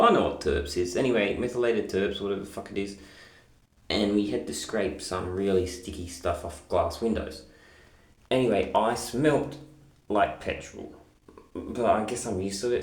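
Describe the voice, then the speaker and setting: A man's voice: lowish voice, a little mellow, echoey room. A young man telling a story in a casual vlog, rambling and swearing freely.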